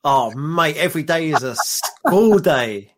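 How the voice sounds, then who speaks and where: A man's voice: a little high, expressive, unhurried, background noise. A man co-hosting a podcast, joking and teasing in casual chat. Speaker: podcast co-host.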